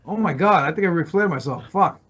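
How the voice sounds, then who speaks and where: A man's voice: fairly high pitch, expressive, fairly quick, a bit bright, slightly rough. A man, a former pro wrestler, telling wild stories as a podcast guest, swearing freely and laughing often. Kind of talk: casual chat, telling road stories. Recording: muffled lo-fi recording.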